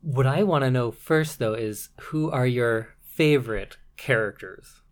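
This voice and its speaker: A man's voice: medium pitch, a little slow. A man co-hosting a podcast in casual chat, with dry, self-described grumpy banter. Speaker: podcast co-host.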